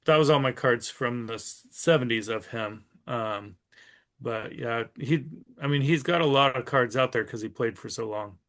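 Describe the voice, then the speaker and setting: A man's voice: medium pitch, normal speed, a bit bright. A man in his fifties, a card-collector guest, chatting casually and trailing off with frequent ums. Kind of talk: casual podcast chat.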